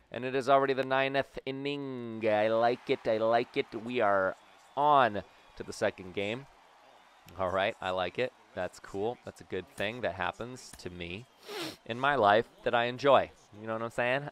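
A young man casually commentating his own baseball video game, joking around and breaking into loud cheers and yells. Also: lowish voice, moderate pace, clear, resonant tone. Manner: excitable, jokey, bursts into loud cheers and yells. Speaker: gaming YouTuber.

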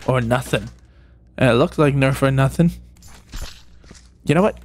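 A man's voice: medium pitch, a little slow, slight background noise. A man giving playful, rambling gameplay commentary, tossing jokey mock-sinister asides at game characters. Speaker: gaming video creator.

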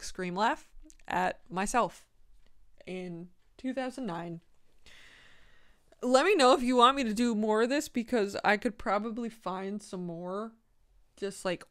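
A woman hosting a casual podcast, reading her old fan fiction aloud and breaking off into swearing, mock-outraged asides and laughter at her own writing. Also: medium pitch. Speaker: podcast host.

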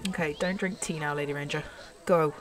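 A young British woman giving excitable commentary while playing a horse racing game, urging her horse on. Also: sits low, brisk, slight background noise. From Britain. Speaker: gaming YouTuber. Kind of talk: live gameplay commentary.

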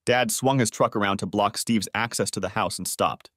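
A man's voice: on the low side, normal speed, fairly bright tone, dry recording, clean studio sound. A man narrating a dramatic first-person story for an audiobook.

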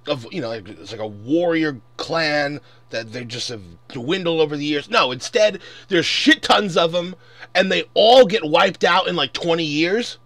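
A man's voice: fairly high pitch, lively intonation, normal speed, fairly bright tone, no echo. A man in his twenties ranting angrily and profanely in a casual commentary. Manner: angry, profane, exasperated. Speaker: vlogger.

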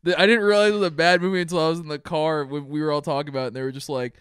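A young man co-hosting a podcast, chatting casually about a movie, laughing often, swearing and mocking scenes with quick impressions. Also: on the high side, fairly even intonation, fairly bright tone, smooth, no echo, clean studio sound. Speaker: podcast co-host. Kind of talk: casual movie review chat.

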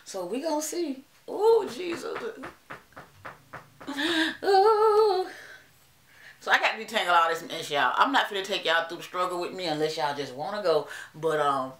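A woman's voice: lowish voice, expressive, fast, few pauses, pushed and bright, roomy sound. A woman with a Southern US accent chatting dramatically to her viewers in a hair vlog. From Alabama. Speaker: hair vlogger. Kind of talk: casual vlog chat.

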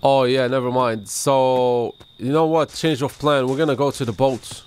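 A man's voice: mid-range voice, fairly even intonation, normal speed, a little mellow, clear, resonant tone. A man in casual multiplayer game chat as a streamer, joking and bantering playfully with his teammates. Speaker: gaming streamer.

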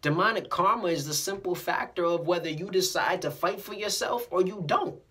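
A casual motivational vlogger speaking directly to viewers at a mid-range pitch. The delivery is animated and preachy, with stumbling repeats and little acted-out dialogues. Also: normal speed. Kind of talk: casual motivational talk to camera.

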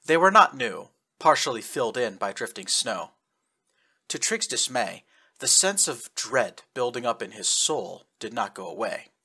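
A man reads a science fiction novel aloud in a steady storytelling way. His voice is bright with a husky grain. The pitch moves a lot. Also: unhurried. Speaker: audiobook narrator. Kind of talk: scripted narration.

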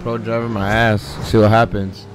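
A man's voice: on the low side, level tone, normal speed, background noise. Joking young man trash-talking while gaming. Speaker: gamer. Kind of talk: casual gameplay commentary.

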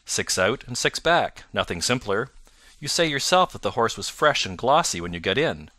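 A man reading the part of a calm, incisive male detective in an audiobook, measured and self-assured. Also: medium pitch, no echo. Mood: confident.

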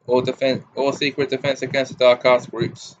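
A man reading the part of a wry, protective grown man in an audiobook, with a dry, brisk, amused delivery. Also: mid-range voice, completely flat delivery, lo-fi sound, a little hiss or hum, close to an everyday voice.

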